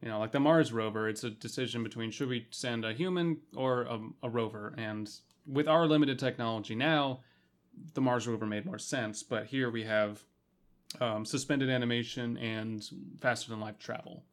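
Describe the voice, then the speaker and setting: A young man co-hosting a casual chat, calmly reasoning through a story's plot. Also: mid-range voice, moderate pace.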